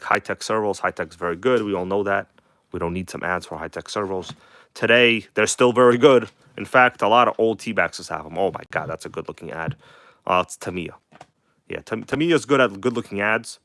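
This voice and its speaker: A man with a slight accent hosting a casual live stream, chatting loosely, swearing now and then and reading magazine text aloud in a halting way. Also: lowish voice, fairly bright tone, dry recording, studio quality. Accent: non-native English accent. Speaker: host of a live RC car stream. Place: home workshop in Queens.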